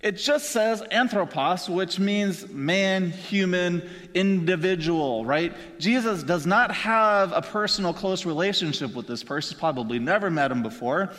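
A preacher with a high voice tells his story with lively flair, slipping into put-on voices for the people in it. His words ring out with a long reverb tail, as if spoken in a big hall. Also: unhurried, few pauses. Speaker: pastor. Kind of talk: sermon with acted-out voices.

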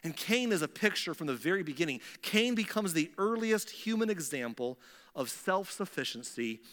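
A male pastor preaches in a church sanctuary, pressing his points through repetition and quick restarts. His voice sits a little high and sounds bright and forceful. A long reverb from the hall trails each phrase. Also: very animated. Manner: emphatic, repetitive, with frequent restarts. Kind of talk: sermon.

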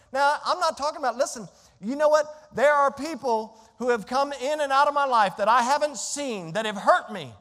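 An older man preaching a sermon as pastor, emphatic and conversational, swinging from hushed to loud with asides to the congregation. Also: high-pitched. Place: church sanctuary. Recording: echoey hall with faint music.

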